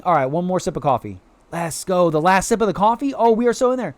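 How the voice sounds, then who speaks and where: With a high-pitched voice and lively intonation, an American streamer talks fast and rarely pauses. He chats casually over his game, greeting viewers in chat and dropping playful quacks.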